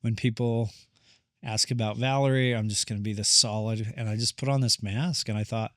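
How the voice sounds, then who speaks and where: A man's voice: lowish voice, steady tone, normal speed, a bit bright, no echo, clean studio sound. Man telling a candid personal story. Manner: reflective, candid, relives moments in quoted speech. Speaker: therapist guest.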